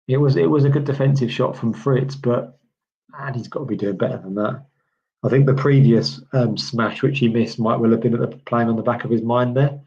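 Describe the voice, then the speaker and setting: A British man gives casual live tennis commentary, rambling chattily and saying "um" a lot as he replies to viewer chat. His mid-range voice is a little fast and slightly mellow. The stream audio is lo-fi and a bit dull.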